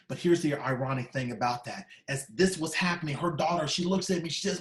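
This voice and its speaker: A man giving an emotional motivational keynote, telling a personal story and quoting others, his voice dropping soft in tender moments. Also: on the high side, brisk, hardly any pauses, roomy sound. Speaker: keynote speaker. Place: conference video call.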